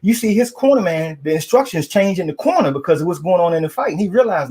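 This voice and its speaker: Male boxing pundit with a fairly high voice, loose and rambling. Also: lively intonation, fast, few pauses, darkish tone, husky. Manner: rambling, fillers, slangy. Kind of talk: casual boxing chat.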